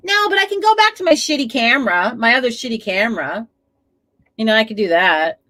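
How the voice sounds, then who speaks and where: A woman hosts a casual live stream from home, talking to her viewers. Her fairly high voice swings widely up and down as she chats, swears and laughs often. It sounds like a home desk setup with a webcam. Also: lively intonation, moderate pace, pushed and bright. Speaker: livestream host.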